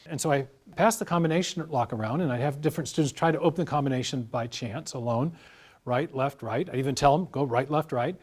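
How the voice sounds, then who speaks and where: A man as an interview guest, explaining carefully in a measured, lecturing way with worked examples. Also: mid-range voice, a little mellow, breathy edge. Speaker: guest scientist.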